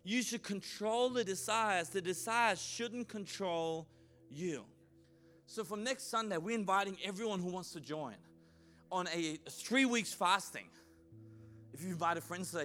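A man preaching a sermon in a church, lively and humorous, often acting out the voices of the people he quotes. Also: high voice, moderate pace, faint music behind. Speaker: pastor.

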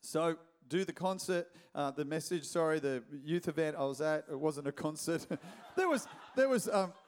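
A middle-aged Australian man, a pastor preaching a sermon in a lively, joking storytelling manner with quick restarts. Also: a little high, a little hiss or hum.

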